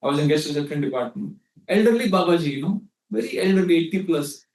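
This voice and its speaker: A man's voice: a little high, lively intonation, fast, darkish tone. A man with an Indian accent giving a scriptural lecture, telling anecdotes and acting out quotes, mixing in Hindi. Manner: storytelling, mixes in Hindi, acts out quotes. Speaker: spiritual teacher. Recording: echoey hall, mic at a distance.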